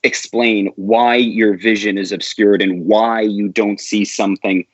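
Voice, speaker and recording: A man on an online panel explaining his point in a measured way. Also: lowish voice, fairly even intonation, dry recording, muffled recording. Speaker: panel guest. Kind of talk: casual online panel chat.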